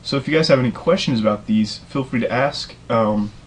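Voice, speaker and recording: A man's voice: mid-range voice, fairly quick, slight background noise. A young man hosting a casual coding tutorial, enthusiastic and rambling with lots of fillers. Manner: enthusiastic, self-described nerd, rambling with fillers. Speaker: programming tutorial host.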